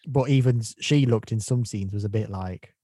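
A man's voice: fairly low pitch, normal speed, mellow, slightly rough, dry recording, studio quality. A man co-hosting a casual film-review chat, rambling through his points with bursts of laughter and mock impressions. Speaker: podcast co-host.

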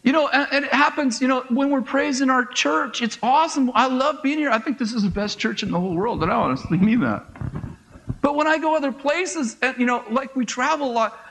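A middle-aged pastor with a strikingly high voice delivers a sermon. He preaches in an animated, conversational way, acting out little exchanges and laughing at his own asides. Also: fairly quick, rough recording.

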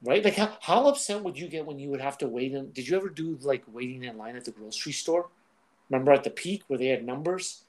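A man in casual chat, telling jokey stories in an animated way. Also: medium pitch, quick pace.

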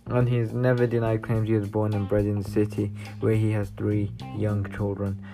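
Gravelly man reading news with sighs. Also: lowish voice, completely flat delivery, warm tone, faint music behind. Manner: reads aloud haltingly with sighing asides. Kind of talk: casual news reaction.

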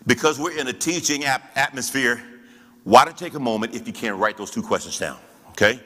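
A man's voice: medium pitch, brisk, a bit bright, in a large hall. A man teaching as a pastor in church, preaching with rhetorical questions and call-and-response.

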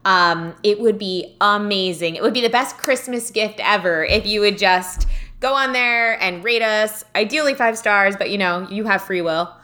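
A woman's voice: medium pitch, normal speed, sharp tone. A woman co-hosting a podcast, telling stories in a chatty way and laughing often. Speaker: podcast co-host. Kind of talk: casual chat.

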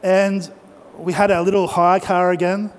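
A man's voice: sits high, little pitch movement, measured pace. An Australian man preaching, telling a personal travel story in a conversational way and speaking directly to the audience. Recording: long reverb of a large hall.

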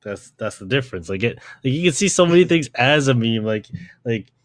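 A young podcast host rambles casually from one point to the next, packing his talk with slang, swearing and "like." His mid-pitched voice is brisk with lively intonation, recorded dry and close to the mic.

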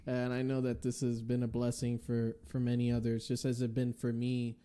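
A man hosting a casual podcast interview, upbeat and chatty, speaking with religious warmth and frequent fillers. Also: mid-range voice, monotone, normal speed, smooth. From US Northeast. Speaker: podcast host.

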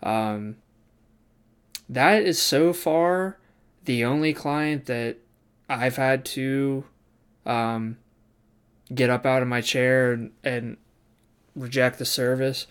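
A man's voice: medium pitch, slow, long pauses, clean tone. A young man, a barber student, telling a story casually and acting out the people he quotes, swearing now and then.

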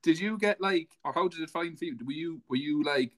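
A man hosting a podcast, asking questions in a halting way and repeating words. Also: a little high, a bit bright. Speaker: podcast host. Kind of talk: casual interview.

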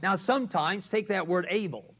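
A man's voice: sits high, normal speed, a bit bright. An older man preaching a sermon to a men's class, emphatic and repetitive, often asking his listeners "see?". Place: college classroom. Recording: lo-fi 1970s tape recording.

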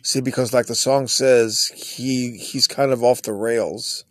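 A man's voice: mid-range voice, steady tone, a little slow, no echo. A man hosting his own podcast, talking in a rambling, earnest, unscripted monologue. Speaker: podcast host. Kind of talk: casual monologue.

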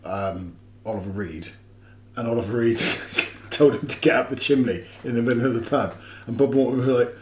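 A man co-hosting a podcast in casual chat, jokey and quick to laugh. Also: medium pitch, a little hiss or hum. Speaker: podcast co-host. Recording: roomy echo.

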